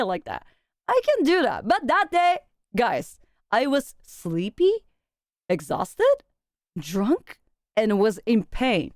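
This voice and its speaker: Young woman streamer, bright high voice that swings up and down, dry close mic, chatty, profane and giggly. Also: no echo. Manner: animated, laughs often, swears for effect, slips into quick Japanese phrases. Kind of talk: casual chat with viewers.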